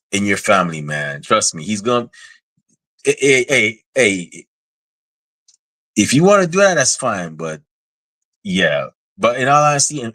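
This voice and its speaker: A man with a fairly low voice hosts a casual podcast and talks through his predictions. He is animated and chatty, often restarting his sentences. The sound is dry, with no room echo. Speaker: podcast host. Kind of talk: casual wrestling predictions chat.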